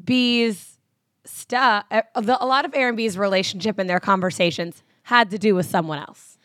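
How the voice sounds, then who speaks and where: A woman co-hosting a podcast in casual chat, with quick asides and mock quotes. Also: medium pitch, fairly bright tone, no room sound, clean studio sound. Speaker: podcast co-host.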